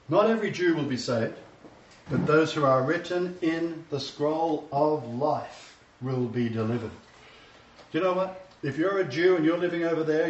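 A man preaching a sermon lecture, emphatic and repeating his key phrases. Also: a little high. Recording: distant, roomy, dull sound.

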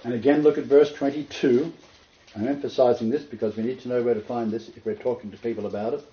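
A man with a mid-range, dark-toned voice preaches at a quick, steady clip, reading scripture aloud and emphatically repeating his key points. The lo-fi recording sounds roomy and dull.

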